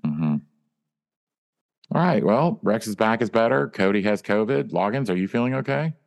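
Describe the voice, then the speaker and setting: Man, low voice with lots of swing, comedy podcast host, playful quips. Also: lively intonation, normal speed, gravelly. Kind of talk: casual comedic chat.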